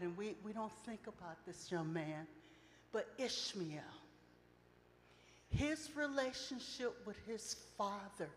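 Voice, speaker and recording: A middle-aged woman preaching at a women's retreat, telling personal stories with passion, swinging between loud outcries and soft reflective lines. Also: medium pitch, slight background noise. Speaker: retreat speaker. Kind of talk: emotional sermon with personal storytelling. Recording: long reverb of a large hall.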